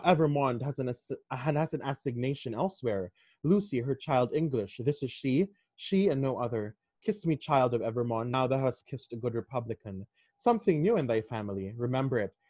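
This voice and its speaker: A man's voice: medium pitch, expressive, moderate pace, darkish tone, no echo, natural voice. A man reading a curt checkpoint officer. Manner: curt, questioning. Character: brusque revolutionary checkpoint officer checking papers.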